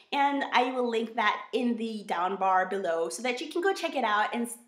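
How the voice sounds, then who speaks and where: Bubbly American woman, chatty vlog, fairly high voice, roomy echo. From United States. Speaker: book vlogger. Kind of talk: casual vlog chat.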